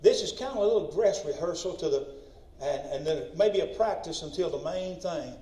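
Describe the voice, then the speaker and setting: Impassioned preacher in an echoey church. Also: male voice, high-pitched, recorded from a distance. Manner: impassioned preaching, shouts in story voices. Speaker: pastor. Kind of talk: sermon. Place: church sanctuary.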